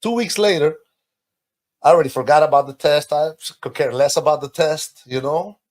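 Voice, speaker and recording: A man from Peru shares his life story as a podcast guest. He talks in a medium register and tells it with animated feeling, his pitch leaping up when he gets excited. He sounds like he is reliving each moment as he speaks. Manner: animated, emotional storytelling with sudden high pitch lifts. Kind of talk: personal testimony in conversation.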